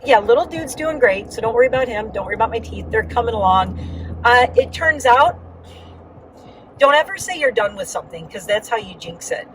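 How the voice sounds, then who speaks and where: A woman's voice: a little high, animated, brisk, distant mic, slight background noise, poor audio. A woman giving a casual, rambling vlog update with lots of fillers, talking while riding in a car. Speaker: vlogger.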